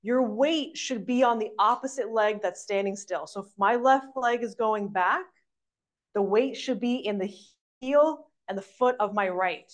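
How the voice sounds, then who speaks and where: A woman's voice: medium pitch, a little slow. Woman running a zoom workout, upbeat instructions, kinda out of breath from the moves. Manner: encouraging, instructive, demonstrating while talking. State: slightly out of breath. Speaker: fitness instructor. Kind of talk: live online exercise class.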